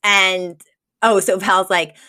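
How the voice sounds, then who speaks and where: Woman podcast co-host, bright voice, casual teasing recap chat with frequent laughs. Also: medium pitch, fairly even intonation, slow. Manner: laughs often, teasing and blunt.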